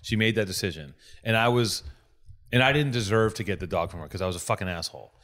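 A man's voice: on the low side, fast, a bit bright. A man hosting a podcast, telling rambling, profane stories in casual chat. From Los Angeles. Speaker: podcast host.

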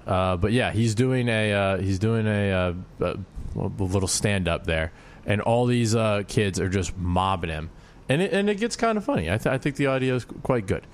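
Young radio guy with a really low voice, rambly, bit of noise behind. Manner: rambling, halting, many fillers. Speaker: radio co-host. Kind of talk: casual radio banter.

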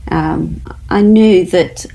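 A woman's voice: fairly low pitch, drawn-out words, gravelly, dark tone, low-quality recording. A woman guest earnestly telling a personal story in a conversation.

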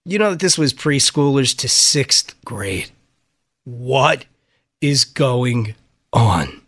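A man's voice: medium pitch, very animated, takes it slowly, fairly bright tone, dry recording, clean studio sound. A middle-aged man hosting a radio show, talking in a raw, upset and heartfelt way. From United States. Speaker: radio host. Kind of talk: emotional on-air talk. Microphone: studio microphone.

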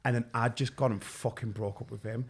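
Man, young adult, Geordie accent, rapid, candid, casual chat guest. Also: medium pitch, fairly even intonation, background noise. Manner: candid storytelling, swears freely.

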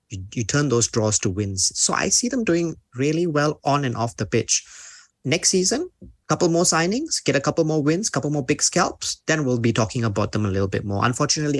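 A man on a football panel show, giving measured, reasoned analysis of a team. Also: mid-range voice, no echo. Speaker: football pundit.

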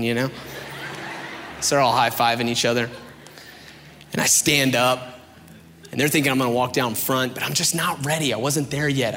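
A young man shares his testimony in a sermon, talking casually and telling the story with animated asides. His voice sits in the middle of the male range. It rings out with long reverb across a large hall, and faint room noise hangs in the background. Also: mid-range voice. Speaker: preacher.

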